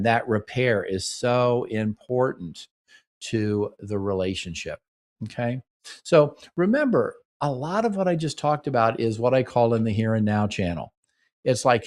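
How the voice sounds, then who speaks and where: A man's voice: fairly low pitch, a little mellow. A middle-aged man hosting a relationship advice show, speaking earnestly and acting out little sample conversations between partners. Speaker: relationship talk show host. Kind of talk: radio-style advice talk.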